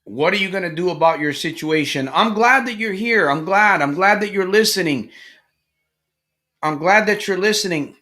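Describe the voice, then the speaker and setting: A middle-aged man, a problem gambling coach, speaking live to viewers in an animated motivational talk and acting out the characters in his stories. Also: high-pitched, normal speed. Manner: animated storytelling, acts out quoted characters.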